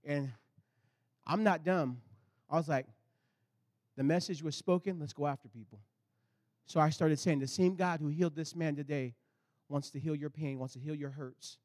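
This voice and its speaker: Telling his story at a moderate pace, a male pastor delivers a sermon in a bright-sounding high tenor. His animated delivery jumps to loud outbursts and then sinks into low, intense stretches.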